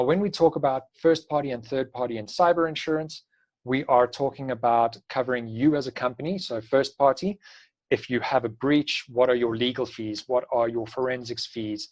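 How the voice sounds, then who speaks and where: A man teaching an online class, sounding brisk and practical as he gives advice. His voice sits at an ordinary middle pitch for a man. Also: fairly even intonation, poor audio. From South Africa. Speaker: instructor.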